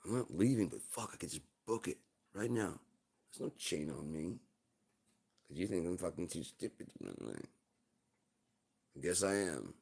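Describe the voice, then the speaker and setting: A man's voice: low voice, sing-song, normal speed, creaky, pauses often, a little mellow, breathy edge, heavily acted. A man voicing a cranky, foul-mouthed small male pet dog who gripes and swears. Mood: defiant. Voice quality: profane, griping.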